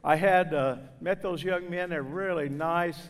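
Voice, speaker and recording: Man preaching in a big echoey church, high pitched, shouts praise then tells folksy jokes. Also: measured pace. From southern Indiana. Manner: loud, exclaiming preaching with folksy asides. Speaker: guest preacher. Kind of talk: sermon. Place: church sanctuary. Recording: reverberant hall.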